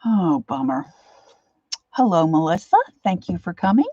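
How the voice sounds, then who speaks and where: Older woman, host of an art livestream. Chatty and warm toward viewers, greets each by name. Slightly muffled, dry computer-mic sound. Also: lowish voice, animated, normal speed, breathy edge, dry recording. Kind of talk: casual livestream chat. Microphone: computer mic, set far from her face.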